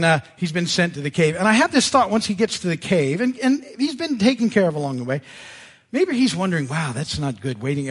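A man preaching to his church, retelling scripture with lively asides. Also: fairly high pitch. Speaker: pastor. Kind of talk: sermon. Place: church sanctuary.

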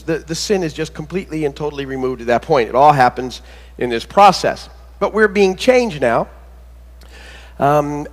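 High-voiced man preaching in an echoing hall. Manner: conversational, halting with many fillers and restarts; tells corny jokes between teaching. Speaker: pastor. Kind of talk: sermon. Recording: long reverb of a church hall.

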